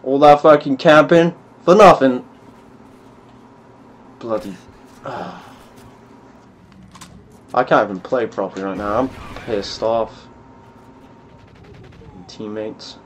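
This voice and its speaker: A man's voice: mid-range voice, slow, long pauses, a little hiss or hum. A young man giving gameplay commentary, muttering to himself and swearing at the game. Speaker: gaming YouTuber.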